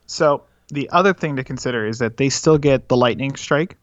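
Calm man explaining rules, dull audio. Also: medium pitch, moderate pace, noisy background. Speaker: tabletop wargame player explaining rules. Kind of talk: casual chat.

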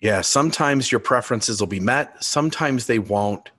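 A man's voice: mid-range voice, expressive, normal speed, bright, forceful tone. A man in his fifties, a grandfather, telling a family story in casual chat as a podcast co-host. His voice rises and he swears when he gets riled.

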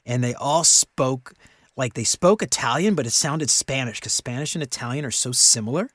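Male podcast co-host, 30s, chatty and rambling, mid-pitched voice, dry close recording. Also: moderate pace, no echo. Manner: animated, rambling, laughs often. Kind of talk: casual chat.

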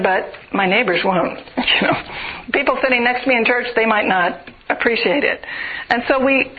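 A woman preaching a sermon, earnest and building through rhythmic repeated phrases. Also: fairly high pitch. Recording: tinny phone-like radio broadcast.

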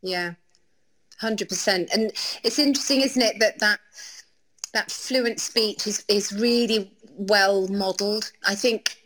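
A woman's voice: mid-range voice, a little slow, fairly bright tone, low-quality recording. A woman hosting an education podcast, chatty and enthusiastic, often ending points with tag questions. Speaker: podcast host. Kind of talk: conversational podcast interview.

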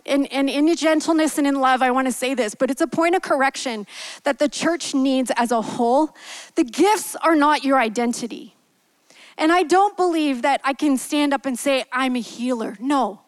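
A woman preaching a sermon in a candid, gentle way, telling a personal story. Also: high-pitched, no echo, rough recording. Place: church.

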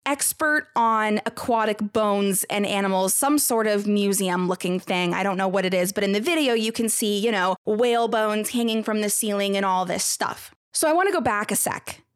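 A woman hosting a podcast in casual chat, animated and incredulous, speaking bluntly and swearing now and then. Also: medium pitch, normal speed, hardly any pauses, dry recording, studio quality. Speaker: podcast host.

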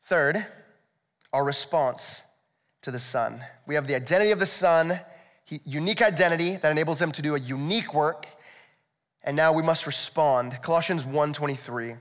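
A man's voice: on the high side, moderate pace, a bit bright. A male pastor preaching a sermon in a conversational, explanatory way, with rhetorical asides to the congregation. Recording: echoey hall, long reverb.

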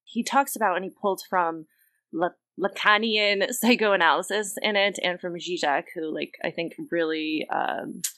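A woman's voice: lowish voice, normal speed, fairly bright tone, no echo. A woman co-hosting a podcast, explaining ideas from a book in casual talk full of "like" and "um". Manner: casual, lots of "like" and "um". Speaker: podcast co-host.

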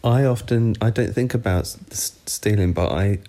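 A man talking candidly and reflectively in a casual conversation, often halting mid-thought. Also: fairly low pitch, warm tone.

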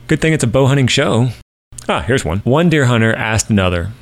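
A man hosts a podcast, chatting casually and rambling through one joke after another. His voice is mid-pitched. He sounds amused at his own jokes. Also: sing-song, fairly quick. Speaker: podcast host. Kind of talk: casual joke-telling chat.

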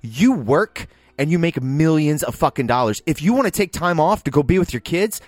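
A man's voice: on the high side, expressive, moderate pace, dry recording. A man co-hosting a film podcast, ranting heatedly with lots of swearing. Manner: heated, swearing, loud outbursts. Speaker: podcast co-host. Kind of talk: profane ranting film review.

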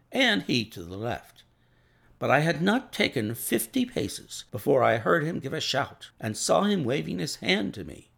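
A man reads a classic story aloud in the first person, steady and clear in his telling. His voice carries a gravelly texture and moves through a lively range of pitch. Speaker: narrator. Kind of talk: storybook reading.

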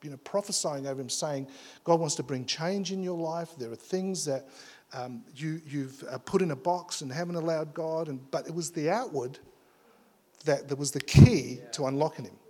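A man's voice: on the high side, moderate pace, mellow. A man preaching in church as a pastor, telling a story with lots of stammers and restarts. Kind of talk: sermon.

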